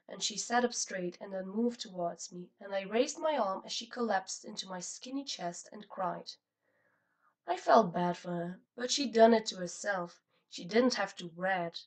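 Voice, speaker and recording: Woman reading a novel out loud, steady and expressive, mic kinda far. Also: medium pitch, moderate pace. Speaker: audiobook narrator. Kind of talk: scripted narration.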